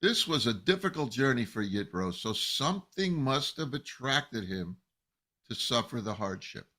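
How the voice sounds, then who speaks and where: A man teaching scripture as a rabbi, telling the story with plenty of life. His pitch swings widely as he acts out the people he quotes, and his voice has a bright, forward edge. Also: very animated, moderate pace. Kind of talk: Torah lesson.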